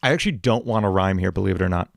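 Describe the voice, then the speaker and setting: A man's voice: deep voice, rapid-fire, gravelly, no echo. A male songwriter chatting casually on a livestream, thinking aloud and correcting himself as he goes. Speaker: songwriter and streamer.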